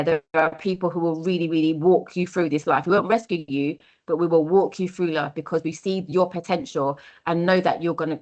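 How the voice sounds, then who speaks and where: Earnest, encouraging woman speaker. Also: fairly low pitch. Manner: earnest, encouraging, repeats key phrases. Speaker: workshop speaker on mentoring. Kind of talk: workshop talk.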